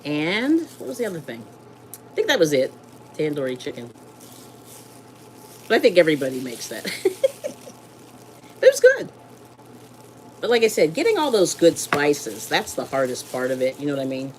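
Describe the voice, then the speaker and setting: Low-voiced chatty woman cooking live. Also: sing-song, normal speed, long pauses, a little hiss or hum, poor audio. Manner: chatty, rambling, laughs often, greets viewers. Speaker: live-stream host. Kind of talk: casual chat while cooking. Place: home kitchen.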